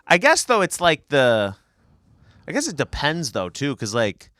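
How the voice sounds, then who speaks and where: A man's voice: a little high, wildly swooping pitch, unhurried, sharp tone, no echo, studio quality. A man chatting casually on a podcast, thoughtful and hedging his opinions. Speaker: podcast co-host.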